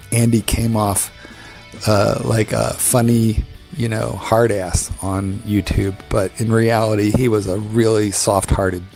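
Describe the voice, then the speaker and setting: A man hosts a casual livestream in a fairly low voice. He talks in a halting, heartfelt way, often stopping and restarting his sentences. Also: a little mellow. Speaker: livestream host.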